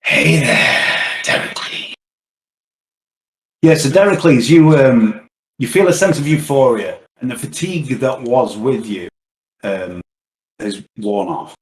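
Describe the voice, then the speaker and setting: A man's voice: medium pitch, lively intonation, unhurried, darkish tone, rough recording. A man narrating as game master in a casual, joking way, on his own mic in an online session. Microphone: own computer mic.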